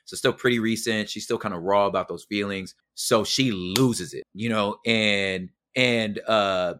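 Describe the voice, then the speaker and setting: Middle-aged guy on a podcast, slangy, bright forceful voice, dry sound, acts out every line. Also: lowish voice, a little slow, no echo. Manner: animated, slangy, acts out quotes. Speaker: podcast guest. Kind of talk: casual storytelling.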